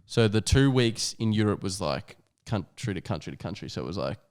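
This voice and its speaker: A man's voice: on the low side, animated, fairly quick, darkish tone, clean tone. A young adult man, co-hosting a podcast and telling a rambling travel story with lots of "like" and swearing. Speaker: podcast co-host. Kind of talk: casual chat.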